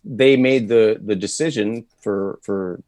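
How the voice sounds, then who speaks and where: A man with a fairly low, grounded voice, recorded close and dry with almost no room sound. He talks through his story in a loose, rambling way, doubling back on his words and laughing between them, as a guest in a casual interview. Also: slow, a little mellow, no echo. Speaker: voice actor guest.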